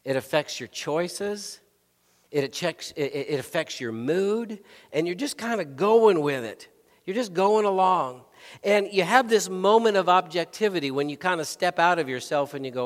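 A man preaching a sermon as a pastor, in a lively, conversational way with frequent restarts. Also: high voice, normal speed. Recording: long hall reverb.

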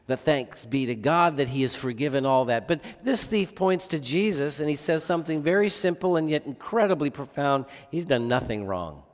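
A man's voice: fairly high pitch, expressive, moderate pace, few pauses. A man preaching a sermon as pastor, earnest, often asking the listeners rhetorical questions. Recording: long reverb of a large hall.

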